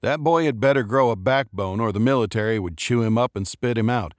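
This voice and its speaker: A low-voiced man narrating a short story in a steady, measured read. The recording is dry and close, with no room sound. He keeps an even storytelling pace. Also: no room sound. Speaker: audiobook narrator. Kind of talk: scripted narration.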